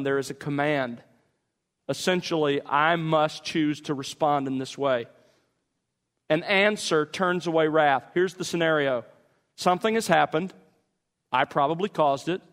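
A man teaching a sermon on meditating on scripture, speaking in a measured, emphatic way with deliberate pauses. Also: a little high, a bit bright. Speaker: pastor. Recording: long hall reverb.

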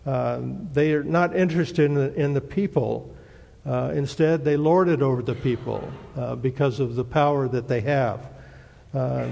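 Man, Bible teacher, gravelly voice, halting delivery full of "uh" fillers, long hall echo. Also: mid-range voice, a little mellow. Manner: plain, hesitant teaching with many "uh" fillers. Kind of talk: Bible lesson sermon.

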